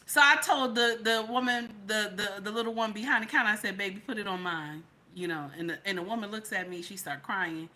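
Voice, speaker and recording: A middle-aged woman hosts a commentary channel, preaching to viewers and repeating her points, going from loud to hushed. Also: medium pitch, a little fast, few pauses.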